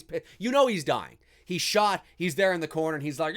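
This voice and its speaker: A man's voice: on the high side, expressive, fairly quick, few pauses. A man hosting a live movie commentary stream, talking in a rambling, easygoing way and swearing freely.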